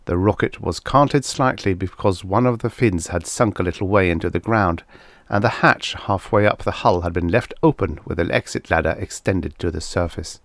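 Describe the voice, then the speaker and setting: A man with a very low, deep voice reads a vintage science fiction story aloud in a measured, steady way. The sound is dry and close, with no room echo at all. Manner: measured, even reading. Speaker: audiobook narrator. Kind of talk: scripted story narration.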